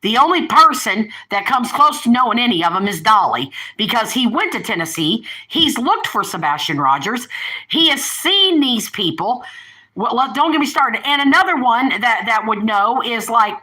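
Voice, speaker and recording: A woman's voice: on the high side, very animated, moderate pace, pushed and bright, rough recording. An older woman hosting a casual live stream, rambling and chatty, often breaking off to talk to her pets and family. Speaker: livestream host.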